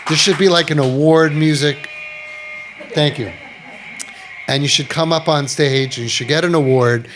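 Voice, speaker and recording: Animated man advising parents. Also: fairly high pitch, normal speed, background noise. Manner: animated, acts out quoted parents and kids in raised voices; sprinkles Hebrew and Yiddish religious terms. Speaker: parenting podcast host giving guidance. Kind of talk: passionate advice talk to parents.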